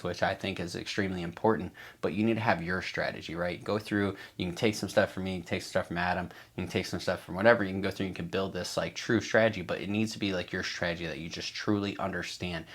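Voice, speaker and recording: A man's voice: low voice, steady tone, fast, hardly any pauses, fairly bright tone. A man giving a casual coaching talk to traders, emphatic and repetitive, swearing freely and acting out a trader's inner voice. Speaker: trading coach.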